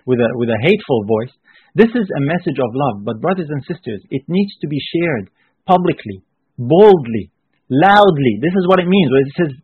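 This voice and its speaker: A man preaching a sermon emphatically, repeating phrases and rising into forceful bursts. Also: fairly high pitch, no echo. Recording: husky voice on a tinny phone-like line.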